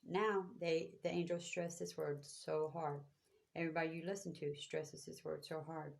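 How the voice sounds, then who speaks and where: A woman's voice: low voice, flat delivery, normal speed, vocal fry, a little mellow. A woman giving spiritual guidance to viewers, talking in a preachy, repetitive, emphatic way. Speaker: spiritual reader.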